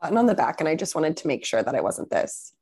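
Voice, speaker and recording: A young woman co-hosting a podcast, raspy and fried from covid, chatting and laughing over a video call. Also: sits low, very animated, quick pace, darkish tone, a little hiss or hum. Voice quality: vocal fry. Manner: chatty, laughs often, storytelling. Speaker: podcast co-host. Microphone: desktop USB mic on a video call.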